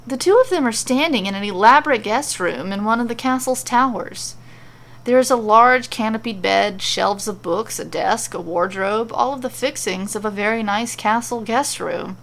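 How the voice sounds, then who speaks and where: A woman reading a fantasy story aloud as a podcast storyteller, with steady descriptive narration. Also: fairly high pitch, normal speed.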